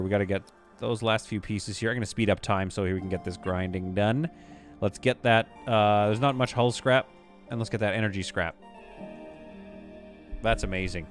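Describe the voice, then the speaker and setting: A man from western Canada livestreaming a space-building game, thinking aloud and chatting with viewers as he plays. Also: fairly low pitch. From Vancouver, Canada. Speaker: streamer playing a space sim. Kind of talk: live gameplay commentary, chatting with viewers.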